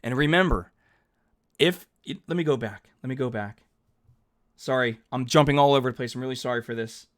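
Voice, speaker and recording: A man with a mid-range voice, talking a little fast, teaches calculus over a digital whiteboard. Upbeat and chatty, he reasons aloud while writing each step and corrects himself along the way.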